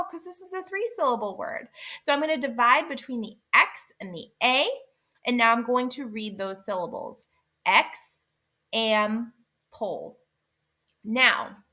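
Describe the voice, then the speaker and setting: A woman teaching other teachers about syllable types, patient and clear, sounding out word parts slowly and asking rhetorical questions. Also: a little high, sharp tone. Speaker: literacy teacher trainer. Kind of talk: instructional explainer video.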